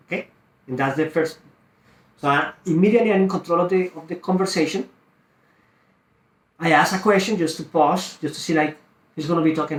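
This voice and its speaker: A man's voice: a little high, fast, roomy sound. A man coaching real estate wholesalers, teaching a phone script and acting out both sides of the call.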